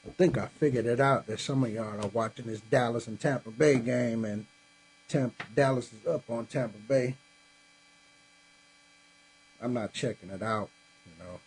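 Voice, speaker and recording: A man's voice: mid-range voice, normal speed, pauses often, a little mellow, slight background noise, rough recording. A man hosting a live podcast from home, chatting casually with viewers and sounding tired after a long day. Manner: laid-back, talks straight to viewers, says y'all. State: tired, yawning. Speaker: podcast host. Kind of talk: casual live-stream chat. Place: home room with a Christmas tree.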